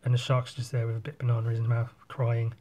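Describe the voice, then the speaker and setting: A man's voice: mid-range voice, completely flat delivery, quick pace, warm tone. A man in casual chat while drawing, rambling through a story and swearing often. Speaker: artist.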